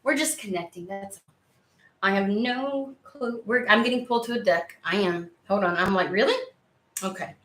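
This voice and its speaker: A woman's voice: medium pitch, moderate pace, fairly bright tone, roomy sound, slight background noise. A woman in her thirties chatting casually to camera as a tarot channel host, rambling with lots of fillers and restarts.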